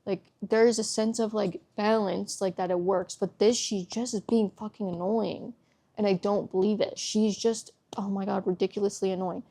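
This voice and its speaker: A woman's voice: medium pitch, fairly even intonation, normal speed, mellow. A woman book vlogger giving an exasperated, swear-heavy casual review rant at home.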